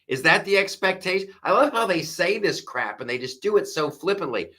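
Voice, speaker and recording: A man's voice: sits high, sing-song, a little fast, hardly any pauses, sharp tone. A man hosting a live comedy news show, ranting with exasperated sarcasm and frequent restarts.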